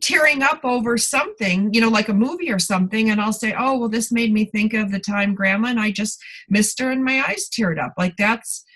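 A woman's voice: a little high, a little fast, low-quality recording. A middle-aged woman in casual conversation, telling personal stories candidly in a confiding way. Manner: candid storytelling, warm confiding tone.

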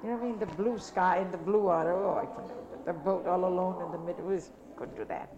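An older woman from Italy, talking about her past in an interview in a rambling, repetitive, animated way. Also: on the low side, fast, dull audio, background noise. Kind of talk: casual reminiscing. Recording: crowd chatter behind.

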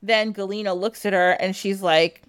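Brief: podcast host, woman, medium pitch, chatty and animated storyteller, dry close mic. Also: moderate pace, clean tone, no echo. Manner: animated retelling with frequent laughs and "like". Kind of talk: casual storytelling chat.

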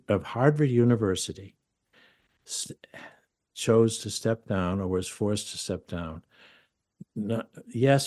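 Older, lower-voiced jokey podcast host. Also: male voice. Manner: animated, jokey, laughs at his own stories. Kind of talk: casual podcast conversation.

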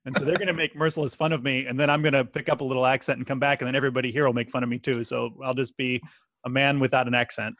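A man's voice: mid-range voice, flat delivery, rapid-fire, fairly bright tone, dry recording. Chatty American man, dry close sound. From United States. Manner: chatty, self-mocking, laughs often. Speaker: podcast co-host. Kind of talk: casual chat.

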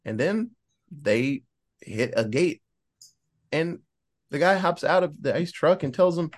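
A man's voice: on the high side, takes it slowly. A man casually recapping a movie plot on a podcast, acting out the characters' lines as he goes. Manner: animated storyteller, acts out characters' lines. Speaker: podcast host.

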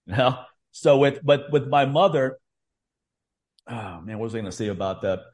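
A man's voice: mid-range voice, lively intonation, moderate pace, darkish tone. A man hosting a podcast, talking candidly and rambling, with frequent swearing and restarts. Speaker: podcast host. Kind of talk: casual podcast chat.

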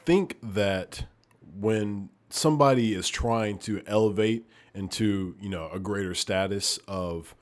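A man's voice: fairly low pitch, takes it slowly. A man hosting a podcast in casual chat, laid back and full of listening murmurs. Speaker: podcast host.

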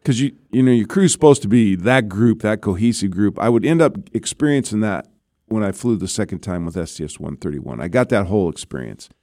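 A man's voice: on the low side, expressive, fairly quick, dark tone, no echo, studio quality. A man, a former astronaut, telling stories in an interview in a conversational way, often checking in with the listener. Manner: conversational, keeps checking in with "right?". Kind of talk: interview storytelling.

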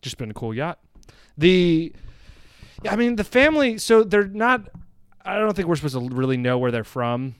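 Laughing often and dripping with sarcasm, a man co-hosting a podcast chats animatedly about a movie he disliked. His voice leans high and his pace is normal, with a clean tone. The studio audio is clean and free of echo.

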